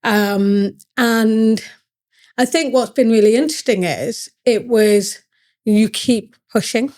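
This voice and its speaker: A woman's voice: a little high, slow pace, a little mellow. A woman from the north of England, a CEO guest on a podcast, telling her story in an earnest, reflective way. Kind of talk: podcast interview conversation.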